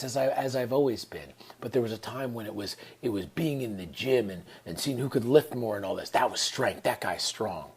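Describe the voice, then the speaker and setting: A man's voice: fairly low pitch, a little mellow, slight background noise. A man, telling a personal story in an earnest, reflective way and often dropping into whispered asides. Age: 30s. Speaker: vlogger.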